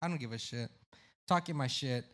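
A man on a podcast telling a story in casual chat, loud and profane, shouting out the voices of the crowd. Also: mid-range voice, fairly quick. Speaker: podcast guest.

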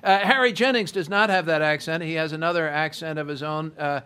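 A man hosting a podcast in a high-ish, talkative voice. He jokes easily and fills pauses with ums and uhs as he introduces his guests. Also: bright, forceful tone, clear, resonant tone. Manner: chatty, jokey, hesitant fillers. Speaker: podcast host. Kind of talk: casual talk show hosting.

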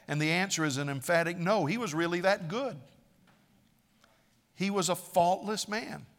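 A man's voice: fairly high pitch, a bit bright. A man preaching a sermon, dramatic and emphatic, acting out quoted speakers with a raised voice. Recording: long reverb of a large hall.

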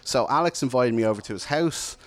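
A man's voice: medium pitch, lively intonation, fairly quick, no room sound. A man, candidly and reflectively telling a personal story of struggle to an audience. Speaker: speaker sharing a personal testimony.

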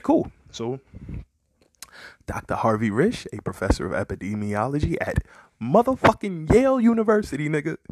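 A man's voice: medium pitch, a little mellow, husky, no echo, studio quality. Profane, heated male commentator. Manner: profane, heated, mocking rhetorical questions. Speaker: commentary podcaster. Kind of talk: rambling opinion commentary.

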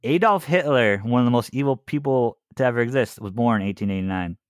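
A man's voice: medium pitch, quick pace, no room sound, clean studio sound. A man co-hosting a casual podcast, sharing trivia and teasing his friends. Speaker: podcast co-host. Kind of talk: casual chat.

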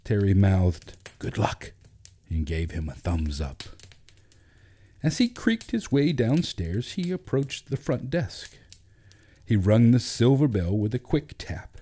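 A man narrating a storybook in a measured, gentle reading. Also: fairly low pitch, wildly swooping pitch, breathy edge.

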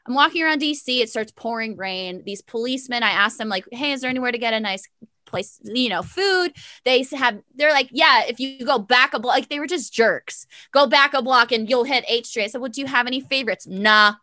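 A young woman telling a long personal story in casual chat, sassy and animated, full of fillers and quoted dialogue. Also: a little high, brisk, no room sound.

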